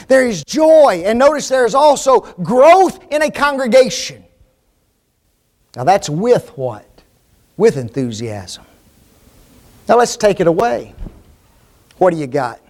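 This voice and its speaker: A man preaching a sermon to a congregation, driving points home with repeated phrases and tag questions. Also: high-pitched. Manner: rhetorical tag questions, emphatic repetition.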